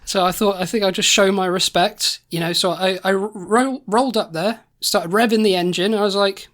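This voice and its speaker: A woman's voice: mid-range voice, moderate pace, few pauses, fairly bright tone. A woman co-hosting a comedy podcast, telling an improvised story in a rambling, laughing way. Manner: rambling, laughing, many restarts. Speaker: podcast co-host.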